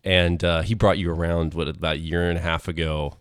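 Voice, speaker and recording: A man's voice: deep voice, little pitch movement, a little fast, smooth, dry recording, studio quality. A man hosting a podcast, introducing a guest in a rambling, filler-heavy way. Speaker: podcast host. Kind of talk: casual interview chat. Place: home recording.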